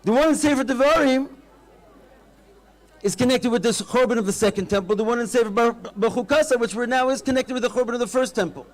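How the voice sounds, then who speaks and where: A man, a rabbi, giving an animated storytelling address at an outdoor festival, mixing Hebrew terms into his talk. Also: extremely high pitch, quick pace.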